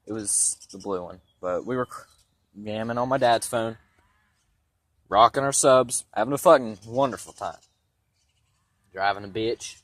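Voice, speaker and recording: A man's voice: lowish voice, measured pace, pauses often. Rambling, foul-mouthed young man with stuffy sinuses. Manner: rambling, profane, blunt. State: congested from sinus trouble. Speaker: vlogger giving a vehicle tour. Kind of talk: casual storytelling.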